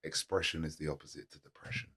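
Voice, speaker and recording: Quick and steady, his gravelly, husky low voice sounding pushed and bright, a man shares candid stories as a podcast guest. His manner is earnest and motivational, plain-spoken, and he leans on repetition to press his points.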